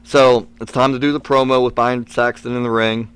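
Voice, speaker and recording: A man telling a rambling, lively story. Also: mid-range voice, brisk, smooth. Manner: lively, rambling anecdote with many fillers and restarts. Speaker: wrestler guest. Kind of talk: storytelling in a podcast interview.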